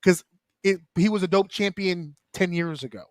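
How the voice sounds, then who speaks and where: A man on a wrestling round-table show, talking casually and bluntly, swearing freely and breaking into quick mimicry of the people he discusses. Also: sits high, no room sound, studio quality. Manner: animated, profane, mimics wrestlers in quick asides. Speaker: wrestling podcast panelist.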